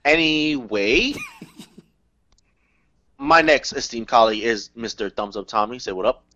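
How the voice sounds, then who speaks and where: A man hosting a casual wrestling review podcast, excitable and quick to swear and laugh. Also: mid-range voice, muffled recording. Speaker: podcast host.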